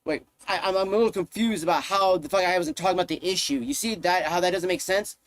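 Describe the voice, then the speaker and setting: A man's voice: sits high, fast, no echo. Heated, foul-mouthed male streamer. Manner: heated, profane, repeats himself. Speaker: live streamer. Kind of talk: casual ranting to stream chat.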